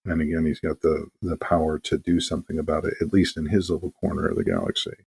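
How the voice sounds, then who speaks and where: Speaking quickly in a very deep, slightly rough voice with vocal fry, a game master talks casually as an interview guest. He's an animated storyteller who acts out the quotes.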